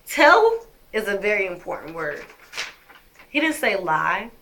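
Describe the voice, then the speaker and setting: A woman's voice: mid-range voice, sing-song, measured pace, pauses often, fairly bright tone, slight background noise. A woman telling her own story to her viewers, emphatic and indignant as she picks apart messages. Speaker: vlogger. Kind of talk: personal storytelling to camera.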